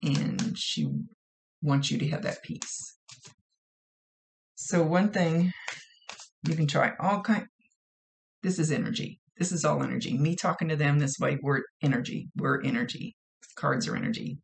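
A woman's voice: low voice, a little slow, vocal fry, pauses often. A woman working as a psychic medium who gives a casual reading, relaying messages and direct advice and often repeating her phrases.

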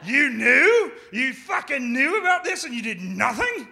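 Storyteller doing a brash outback guy, yells high and hard, swears freely, bright edge. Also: very animated, moderate pace, creaky, heavily acted. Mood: furious. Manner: loud, blunt, swearing. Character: brash shouting Australian outback man.

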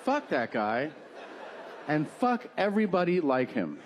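A male stand-up comedian telling an exasperated story on stage and acting out both sides of a conversation. His voice sits a bit high for a man. It is a live stage recording with clear noise in the background. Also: sing-song, unhurried, crowd noise. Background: audience laughter.

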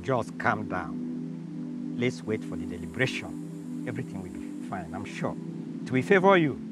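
A man's voice: on the low side, sing-song, normal speed, soft background music. A Nigerian man playing a reassuring village elder in a film drama. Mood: soothing. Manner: soothing, reassuring.

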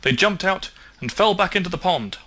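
A man reading a children's picture book aloud in a clear, measured storytelling voice. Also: sits high, animated, bright, forceful tone. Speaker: storybook reader.

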